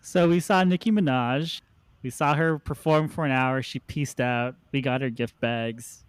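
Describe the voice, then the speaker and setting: A man's voice: mid-range voice, a little slow, smooth, dry recording. A man hosting a podcast, telling long rambling anecdotes in a casual chat. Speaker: podcast host.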